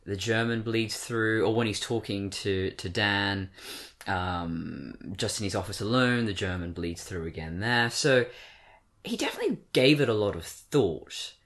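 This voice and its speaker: A man's voice: lowish voice, animated, measured pace, a bit bright. An English-accented man in his twenties holds a casual chat. He rambles, stops to correct himself and fills gaps with ums. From born in Britain, raised in Australia. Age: 20s. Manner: rambling, self-correcting, frequent fillers. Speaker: podcast co-host. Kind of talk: casual discussion.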